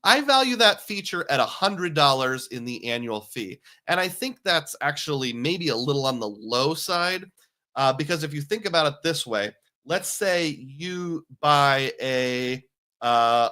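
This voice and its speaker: Guy hosting a livestream, bright voice, jokey and chatty, pokes fun at himself. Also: a little high, animated, a little slow. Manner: chatty, jokey, self-deprecating. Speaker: host. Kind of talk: casual livestream talk, reading viewer comments.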